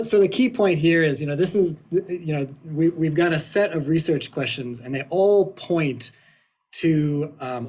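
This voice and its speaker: A man presenting research in a webinar, slightly hoarse from allergies, hesitant with many fillers and restarts. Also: on the high side, a little mellow. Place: at home in Ohio.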